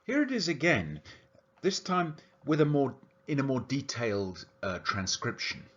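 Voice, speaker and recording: Husky lecturer with a lively, rising voice. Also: male voice, mid-range voice, measured pace, muffled recording. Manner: explanatory, analytical delivery with lively intonation. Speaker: university lecturer. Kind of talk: academic lecture.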